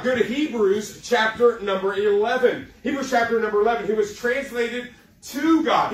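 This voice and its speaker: A man preaches to a youth group in a folksy, joking way, slowing down to stress each point. His voice sits high, and it rings in an echoey hall, heard from a little away from the mic. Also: far from the mic. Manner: folksy, joking, preaching with dramatic slow emphasis. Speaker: youth pastor. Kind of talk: sermon.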